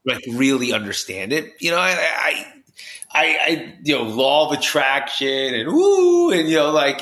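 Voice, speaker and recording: A New Jersey man appears as a podcast guest, telling a personal story with high energy and acting out the voices he quotes. His tone is fairly bright, and the sound is reverberant.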